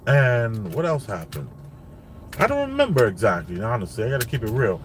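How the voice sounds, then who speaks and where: A man with a medium-pitched, sing-song voice speaks at normal speed from inside a car, with slight background noise. He's a father rambling through a family story, repeating himself and leaning heavily on "like" and "you know."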